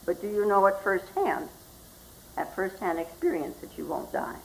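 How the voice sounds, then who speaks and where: A woman's voice: medium pitch, very animated, creaky, a little hiss or hum, low-quality recording. Reflective woman giving a Zen talk. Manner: slow and reflective, with frequent questioning "hmm?" asides. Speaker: Zen teacher. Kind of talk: spoken dharma talk.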